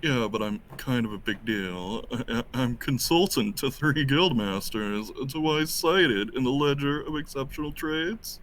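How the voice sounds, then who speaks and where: A boastful, name-dropping adventurer who knows his gems, as a man plays him at the table. He talks slowly, at an ordinary middle pitch, and sounds pleased with himself. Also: fairly bright tone, close to an everyday voice. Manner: self-important, name-dropping. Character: boastful male gem-appraising adventurer.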